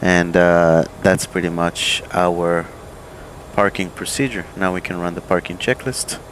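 A man, an airline pilot, calmly walking through aircraft procedures in a relaxed, think-aloud way, with plenty of fillers and restarts. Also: sits low, a little slow, slight background noise, low-quality recording. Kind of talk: casual instructional walkthrough. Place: home desk with flight simulator.

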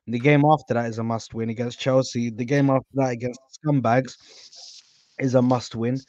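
A young man hosts a casual football stream, reeling off shout-outs and slang in a mid-pitched voice. The sound is dull and dry, with no room around it. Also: steady tone, normal speed, dry recording. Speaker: host. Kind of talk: casual live-stream chat.

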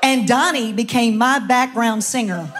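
A middle-aged woman pastor gives a sermon testimony from a church stage, telling her story animatedly and acting out the voices of the people in it. Her voice is fairly high and a little slow, with a noisy background.

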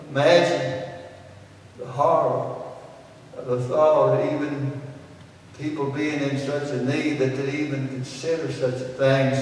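A man preaching an emphatic storytelling sermon with exclamations of praise. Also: a little high. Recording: echoey hall from far off.

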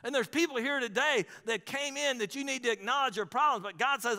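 A man's voice: very high voice, fairly quick, gravelly, pushed and bright, in a large hall. A man pastor preaching a sermon in a conversational way, calling out to the congregation.

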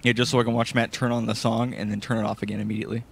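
A man's voice: fairly low pitch, flat delivery, rapid-fire, gravelly, slight background noise. Joking young man riffing on a game. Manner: jokey, riffs on the game. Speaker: podcast co-host. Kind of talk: casual joking chat.

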